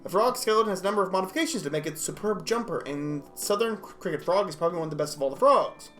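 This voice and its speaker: A man reacting to animal clips in a jokey, excitable way, reading facts aloud, often laughing and stumbling over words. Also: sits high, racing, faint music behind. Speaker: video reactor.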